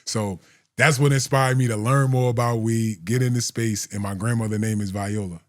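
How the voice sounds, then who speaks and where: A man's voice: mid-range voice, steady tone, normal speed, no echo, studio quality. A man in his forties, a guest telling stories in a loose, profane way and laughing through them. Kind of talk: casual storytelling.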